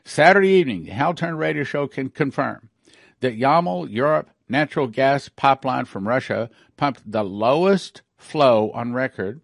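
A man's voice: mid-range voice, lively intonation, normal speed, vocal fry, no echo, clean studio sound. A middle-aged man giving emphatic news commentary with a prophetic bent, repeating and rereading his points.

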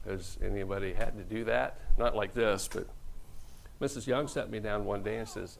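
Gravelly-voiced joking pastor. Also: male voice, lowish voice, normal speed, a little hiss or hum, rough recording. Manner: joking, storytelling, acts out quoted voices. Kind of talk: humorous sermon.

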